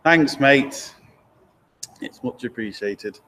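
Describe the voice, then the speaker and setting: A man's voice: mid-range voice, pushed and bright, a little hiss or hum. Man, live-stream chat, loose and chatty, garage workshop, camera mic. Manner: loose and chatty, with fillers and quick asides. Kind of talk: casual live-stream chat, reading out viewer comments. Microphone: laptop or camera mic held by a helper.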